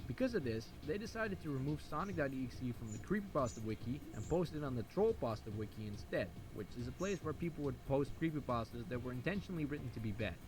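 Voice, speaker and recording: A man narrating an internet history video in a quick, lively, wry way. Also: mid-range voice, noisy background. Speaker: YouTube narrator. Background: music.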